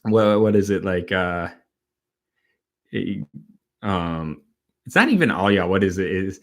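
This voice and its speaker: A man from Wisconsin hosting a casual late-night livestream, a bit tipsy, rambling and halting as he talks. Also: low-pitched, lively intonation, fairly bright tone. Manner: rambling, halting, with many fillers and restarts. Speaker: host.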